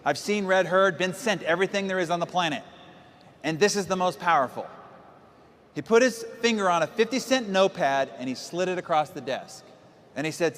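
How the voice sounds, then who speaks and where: A man's voice: sits high, a little fast, a bit bright. A man giving an emphatic motivational speech, telling stories and acting out quotes along the way. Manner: emphatic, storytelling with acted quotes. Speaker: motivational speaker. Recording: long hall reverb with faint music.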